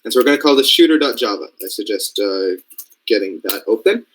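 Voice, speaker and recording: Fairly low in pitch, brisk, expressive and a bit bright, this young Canadian man's voice is captured on poor audio. He mentors robotics programming and is teaching an informal screen-share coding lesson, talking through his thoughts and often confirming his listeners understand.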